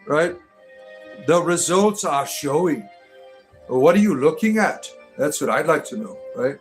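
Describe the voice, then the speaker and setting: A man from Detroit hosts a casual livestream, reading out his viewers' comments and answering them one by one. His voice sits a little high, and his talk rambles, full of fillers and false starts. Faint music plays quietly behind him. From Detroit, Michigan. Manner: rambling, hesitant, many fillers and restarts. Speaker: livestream host reading chat.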